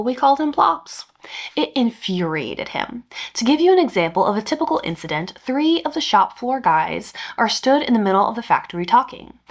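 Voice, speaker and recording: Woman reading a petty revenge story. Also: medium pitch. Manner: expressive storytelling with dry asides. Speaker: podcast host reading stories.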